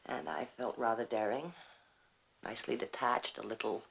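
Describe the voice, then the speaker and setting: A woman's voice: very deep voice, normal speed, gravelly, background noise. An actress playing a bitter, wry middle-aged woman who mocks herself with dry theatrical wit. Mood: sardonic. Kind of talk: stage play performance.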